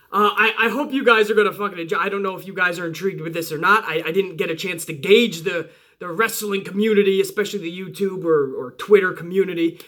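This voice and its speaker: A young man reviewing a wrestling show in casual, excited commentary, emphatic and full of swearing. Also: high-pitched, brisk. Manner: profane, emphatic, hype-driven.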